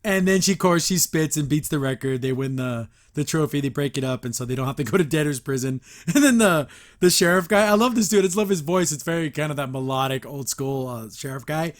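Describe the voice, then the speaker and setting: A man's voice: a little high, lively intonation, fairly quick. Chatty man recapping a cartoon. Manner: chatty, laughs often, lots of filler "like". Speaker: host. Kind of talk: casual episode review and recap.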